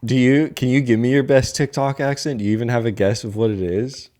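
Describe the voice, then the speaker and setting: A man's voice: medium pitch, fairly even intonation, fairly quick, a little mellow. A man co-hosting a podcast in casual chat, rambling and hedging with lots of filler words. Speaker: podcast co-host.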